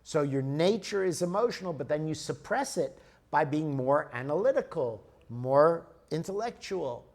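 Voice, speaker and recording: A man's voice: on the high side, lively intonation, moderate pace, gravelly. A man giving a lecture and answering an audience member, explaining patiently and often checking in with "okay?" and "right?". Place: lecture room.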